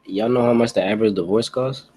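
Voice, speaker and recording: A man's voice: fairly low pitch, quick pace, darkish tone. A man co-hosting a casual podcast, telling stories loosely and profanely. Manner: loose, profane, storytelling with repeated "yo". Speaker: podcast co-host.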